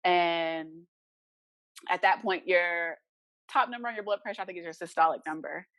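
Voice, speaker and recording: Speaking at normal speed in a voice on the low side, with no room sound, an interview guest shares a personal story. She's lively and casual, performing the voices of the people she describes.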